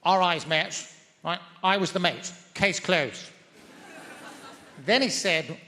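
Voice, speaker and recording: Brief: mock-grand British stand-up comic, high pitched, stage mic in a big hall. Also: male voice, takes it slowly, pauses often, sharp tone, a little hiss or hum. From Britain. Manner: mock-pompous, verbose. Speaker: stand-up comedian. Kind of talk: stand-up comedy. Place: large theatre stage. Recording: reverberant theatre hall.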